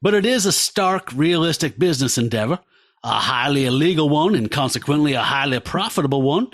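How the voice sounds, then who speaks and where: A man's voice: fairly high pitch, lively intonation, a little fast, a bit bright, dry recording, clean studio sound. A man voicing a smug comic-book villain in a put-on American Southern accent, reading his lines in a pompous, pontificating way. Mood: gloating.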